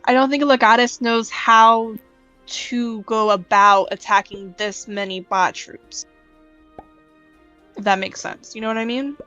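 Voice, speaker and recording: Female co-caster, higher voice, chatty, talks through her searching, light music under. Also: fairly even intonation, a little slow, pushed and bright, dull audio. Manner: chatty, thinks aloud while searching. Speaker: co-commentator. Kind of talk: casual game commentary.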